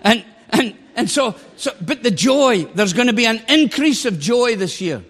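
A man in his sixties preaching a sermon as pastor, animated and exclamatory, often breaking into laughter. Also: extremely high pitch, normal speed. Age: 60s. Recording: long echoing hall reverb.

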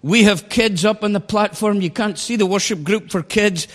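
60s guy pastor preaching, high voice, lively and laughing, big echoey hall. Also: moderate pace. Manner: animated, exclamatory preaching with laughter. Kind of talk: sermon. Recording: long echoing hall reverb.

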